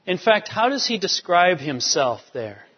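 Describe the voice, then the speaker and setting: Man, preacher, sermon, emphatic and repetitive, fairly high voice, dull muffled sound. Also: very animated, unhurried, slightly rough. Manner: emphatic, repeats key phrases. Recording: dull lo-fi sound with long hall reverb.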